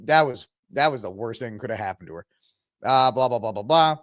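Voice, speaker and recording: A man's voice: medium pitch, moderate pace, no echo, clean studio sound. A man hosting a casual commentary podcast, sarcastic and mocking, often putting on voices to quote people. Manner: sarcastic, animated, mocking voices when quoting. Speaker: podcast host.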